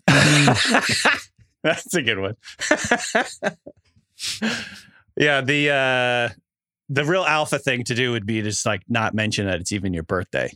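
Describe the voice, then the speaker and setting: A man in his thirties with a bright, forward voice chats on a podcast. His pitch swings widely as he jokes and laughs. The sound is dry and close. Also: takes it slowly, long pauses, no room sound. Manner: animated, laughs a lot. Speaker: podcast co-host. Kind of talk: casual chat.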